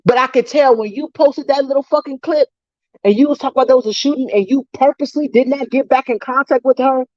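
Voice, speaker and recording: A woman's voice: high-pitched, darkish tone, no echo. Woman ranting heatedly, dull dry audio. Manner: heated, profane, rapid-fire ranting. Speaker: commentary vlogger. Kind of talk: ranting commentary vlog.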